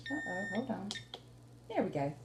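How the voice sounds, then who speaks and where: A woman teacher reading a storybook aloud and tutoring a child, in an expressive and encouraging manner. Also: medium pitch, moderate pace. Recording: roomy room with faint noise.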